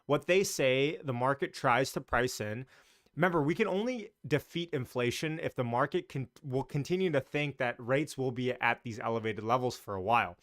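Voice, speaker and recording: A man's voice: mid-range voice, normal speed, fairly bright tone, no echo, studio quality. A man hosting a casual live stream about the market, chatty and loose, greeting viewers as he talks. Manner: talks in loose, restarting sentences.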